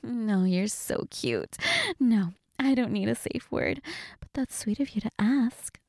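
A woman voicing a defiant young waitress in a scripted audio role-play, teasing and sarcastic, then pleading, with a breathy voice. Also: sing-song, takes it slowly, darkish tone, no room sound, studio quality, exaggerated voice. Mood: bratty. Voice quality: breathy, swings between low murmurs and high cries.

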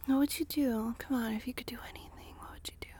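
A woman in a whispered intimate monologue, breathy and sighing, speaking slowly and lingering, recorded in a small closet. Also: on the high side, fairly even intonation. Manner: breathy, sighing, slow and lingering, with soft laughs. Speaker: adult audio creator.

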